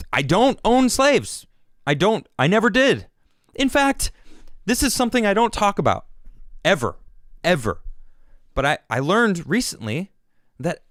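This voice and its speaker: A man in the middle of a fed-up rant on his own podcast, often stumbling and restarting. His pitch leaps up and drops away. The sound is dry and close, with no room around it. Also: no echo. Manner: animated, exasperated, restarts often. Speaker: podcast host. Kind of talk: ranting political commentary.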